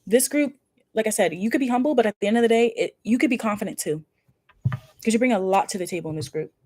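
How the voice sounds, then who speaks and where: Fast-talking effusive woman reading tarot. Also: fairly high pitch, lively intonation, a little mellow, no room sound. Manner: effusive and emphatic, with casual swearing. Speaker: tarot reader. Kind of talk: casual pick-a-card tarot reading.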